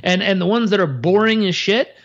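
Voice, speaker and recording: Lively man explaining, dull lo-fi sound. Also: sits high, fairly quick. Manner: animated, uses acted-out crowd reactions and frequent restarts. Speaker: interview guest. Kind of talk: casual interview talk.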